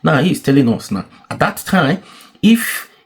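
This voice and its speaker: A man's voice: on the high side, big pitch swings, normal speed, gravelly. A man from Nigeria giving casual commentary on a clip, rambling and restarting his sentences and asking rhetorical questions.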